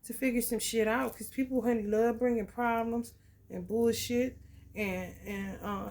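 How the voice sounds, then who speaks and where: A woman with a gravelly edge speaks in a blunt, preachy, profane flow, reading tarot straight to her viewers. Steady background noise runs under her voice throughout. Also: fairly high pitch, unhurried. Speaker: tarot reader. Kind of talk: casual astrology reading monologue.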